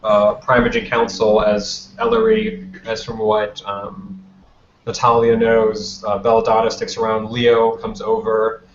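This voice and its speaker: Man narrating a tabletop game. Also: lowish voice. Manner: loose, conversational storytelling. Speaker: game master. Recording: roomy, dull lo-fi, faint noise.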